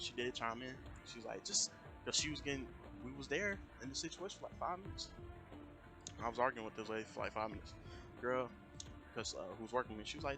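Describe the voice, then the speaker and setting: A man telling a story in a casual, animated rant on a live stream, often jumping into raised voices to quote people. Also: lowish voice. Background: music.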